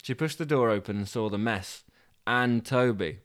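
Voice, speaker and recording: A man narrating a comic story with dry, deadpan asides. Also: mid-range voice, normal speed. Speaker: podcast host and storyteller.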